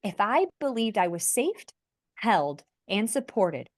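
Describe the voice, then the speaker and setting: A woman on a podcast, speaking earnestly and from the heart about spiritual growth, often pausing to restart her thoughts. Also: mid-range voice, very animated, dry recording, clean studio sound. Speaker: podcast host. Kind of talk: conversational podcast sharing.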